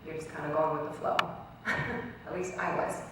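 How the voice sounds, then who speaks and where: A woman's voice: deep voice, level tone, moderate pace, noisy background. Young woman speaking in an echoey hall. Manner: earnest storyteller, acts out quoted dialogue. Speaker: guest speaker. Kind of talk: personal speech to an audience. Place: college event hall. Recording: very echoey hall recorded from far off.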